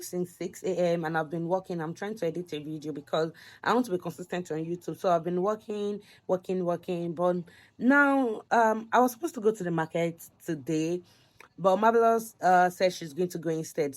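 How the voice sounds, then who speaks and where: A young Nigerian woman in her twenties talks to her vlog audience from home. Her voice sits a little low for a woman. She rambles in a loose, chatty way, with lots of "like" and "so yeah" between thoughts. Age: 20s. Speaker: vlogger. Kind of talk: casual vlog chat.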